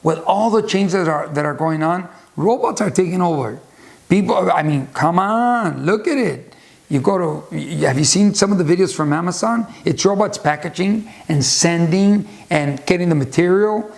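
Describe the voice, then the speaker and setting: A YouTube host with a high, gravelly voice talks at a normal speed about a book he recommends. It's loose, off-the-cuff chatter that keeps restarting and drifting into tangents.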